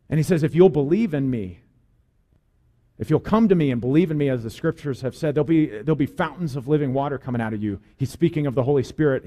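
A man's voice: a little high, mellow. Earnest man preaching a sermon. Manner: earnest, direct questions to the congregation. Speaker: pastor.

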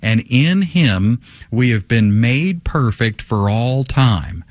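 A man's voice: mid-range voice, animated, slow pace. A man with a mid-range voice teaches on a call-in radio show, talking a caller through her question. He is emphatic and fires off rhetorical questions, but stays conversational, with plenty of "uh" fillers. The sound is dry and close, with no room echo.

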